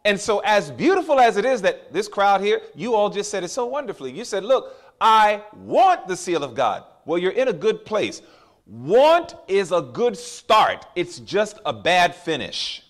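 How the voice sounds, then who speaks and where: A man preaching with a high, lively voice that swoops up and down. He stretches out key phrases for emphasis and calls out to his congregation for responses. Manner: drawn-out stressed phrases for emphasis. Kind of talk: sermon.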